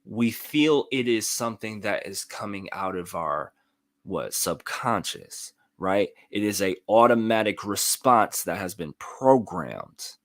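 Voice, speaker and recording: Male motivational host, low register, dry close sound, earnest and explanatory. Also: lively intonation, slow, dry recording. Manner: earnest, explanatory, repeats "right?" often. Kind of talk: live-streamed motivational talk.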